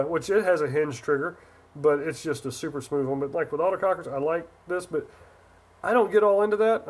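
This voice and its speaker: A man from Northern California hosting a casual livestream, rambling and reading viewer chat aloud as he answers. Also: a little high. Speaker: livestream host.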